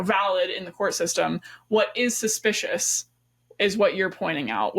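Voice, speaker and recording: A woman co-hosting a podcast in casual chat, animated and chatty and quick to laugh. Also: mid-range voice. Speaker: podcast co-host.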